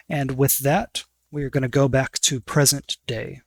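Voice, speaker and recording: A man's voice: mid-range voice, fairly even intonation, unhurried, hardly any pauses, a bit bright, dry recording. A man running a tabletop game as game master, narrating scenes in a casual, descriptive way.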